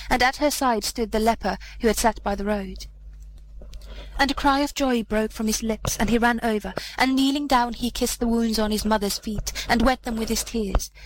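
Brief: a woman storyteller, measured, slightly high, reading a classic fairy tale. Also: a little hiss or hum, low-quality recording. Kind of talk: fairy tale read aloud.

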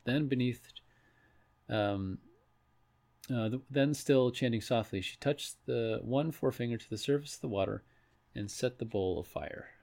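A man reading a fantasy story aloud in a measured way, with a few restarts. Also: medium pitch, gravelly, a little mellow. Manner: measured, with occasional slips and restarts. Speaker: narrator. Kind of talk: storybook read-aloud narration.

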